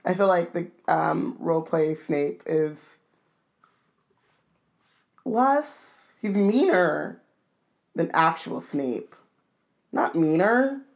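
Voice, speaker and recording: A woman's voice: deep voice, sing-song, takes it slowly, vocal fry, long pauses. A woman co-hosting a podcast, chatting playfully and animatedly with casual slang, and she is cold. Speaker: podcast co-host. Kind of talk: casual chat.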